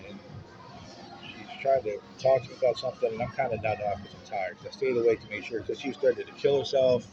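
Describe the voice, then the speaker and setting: A man's voice: mid-range voice, quick pace. A man vlogging, telling a personal story in a rambling, profane way with frequent restarts. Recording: dull audio with music underneath.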